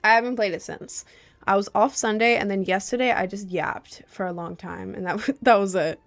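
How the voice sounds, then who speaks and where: A woman's voice: medium pitch, fairly even intonation, brisk. A young woman livestreaming, chatting casually with her viewers in a rambling, self-deprecating way. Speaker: livestreamer reading chat. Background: faint Celtic music.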